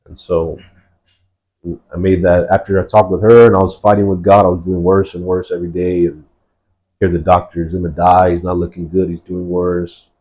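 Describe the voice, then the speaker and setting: A man with a low, dark voice tells his life story in a podcast interview. He talks earnestly and rambles, with a husky edge and many fillers. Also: flat delivery, moderate pace. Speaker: guest sharing testimony. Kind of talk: personal testimony in a podcast interview.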